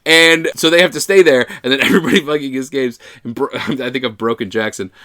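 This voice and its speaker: A man's voice: medium pitch, quick pace. A young man co-hosting a podcast, casually and playfully recapping a movie with profanity and acted-out quotes. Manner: animated retelling with silly acted-out quotes and profanity. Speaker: podcast co-host. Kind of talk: casual movie review chat.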